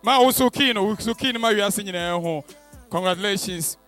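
Guy MC at a promo event, high bright voice, hyped up, music in the back. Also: moderate pace. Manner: upbeat, hyping, switching into English. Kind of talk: energetic promo event hosting.

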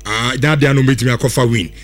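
A man's voice: mid-range voice, fast. A man, a radio presenter chatting loosely and ramblingly about football. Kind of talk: casual radio football chat.

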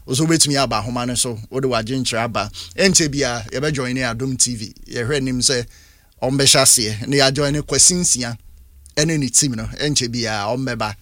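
A man with a Ghanaian accent hosting a radio phone-in, briskly inviting listeners to call in. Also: mid-range voice, a bit bright, no room sound. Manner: brisk, reads out phone numbers and invites callers. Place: radio studio.

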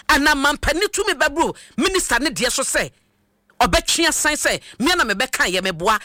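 Lively, bright radio commentator. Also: sits high, dry recording, studio quality. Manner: rhetorical questioning, emphatic. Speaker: radio host.

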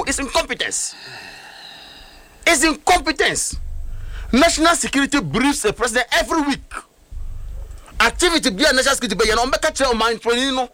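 A high-voiced middle-aged man with a Ghanaian accent delivers heated political commentary, swinging his pitch widely. He is emphatic and fond of rhetorical questions. His voice sounds dry and close. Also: pushed and bright, dry recording. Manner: emphatic, rhetorical, switches between languages.

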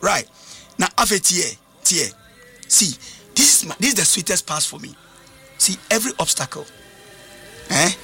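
Animated high-voiced Ghanaian preacher. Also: male voice, moderate pace, pauses often, faint music behind. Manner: switches between English and Twi, lively call-and-response preaching. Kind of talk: sermon.

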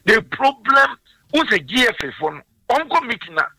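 Impassioned older Ghanaian caller, high and gravelly. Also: male voice, very animated, moderate pace, bright, forceful tone, no room sound, far from the mic. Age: 60s. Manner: impassioned, mixes languages. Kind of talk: phone-in call on a sports radio show.

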